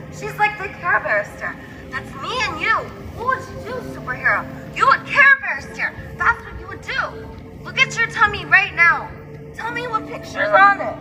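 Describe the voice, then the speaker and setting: A woman's voice: extremely high pitch, echoey room. A woman giving a playful motivational monologue, exuberant and often breaking into sing-song chanting. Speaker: self-styled healer and vlogger.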